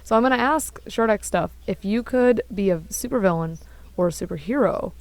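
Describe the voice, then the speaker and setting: A woman's voice: medium pitch, expressive, brisk, darkish tone, no echo. A young woman co-hosting a podcast from a closet, playful and teasing. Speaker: podcast co-host. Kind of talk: casual chat. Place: home closet.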